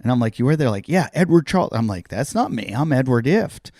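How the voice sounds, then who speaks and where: A middle-aged man hosting a podcast spins a story in casual chat, slipping into the voices of the people he meets. His voice sits at an ordinary pitch and sounds dry and close, with little room around it. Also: fairly quick, no room sound. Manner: animated storyteller acting out other people's lines; swears casually. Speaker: podcast host and comedian.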